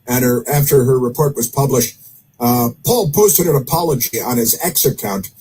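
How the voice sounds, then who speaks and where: A man's voice: medium pitch, expressive, moderate pace, mellow, slight background noise, rough recording. A man hosting casual political commentary, rambling with many fillers and dry sarcastic asides. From United States.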